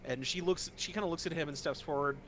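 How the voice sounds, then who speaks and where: A man's voice: fairly high pitch, fast. A man narrating as game master in a casual way, with many fillers. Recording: noisy home mic.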